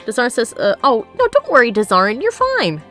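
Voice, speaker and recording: A woman's voice: a little high, wildly swooping pitch, a little fast, a bit bright, soft background music. A woman from the United States hosting a casual stream, often laughing as she reads viewer messages aloud. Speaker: streamer host reading chat. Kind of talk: casual chat.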